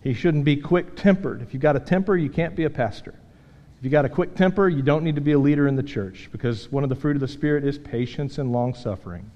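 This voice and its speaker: A man preaching a sermon as pastor, earnest and emphatic, dropping from loud points to quiet self-deprecating asides. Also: medium pitch, fast talker, lo-fi sound. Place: church sanctuary. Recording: long hall reverb.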